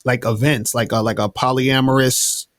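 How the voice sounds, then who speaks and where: A man's voice: medium pitch, steady tone, moderate pace, no echo. A man telling dating stories in a laid-back, slangy way with many restarts, speaking as an interview guest. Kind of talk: casual interview talk.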